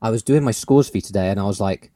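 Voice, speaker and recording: A man's voice: on the low side, very fast, dark tone, no room sound, studio quality. A man co-hosting a casual podcast, chatty and rambling, laughing often as he talks. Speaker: podcast co-host. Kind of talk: casual chat.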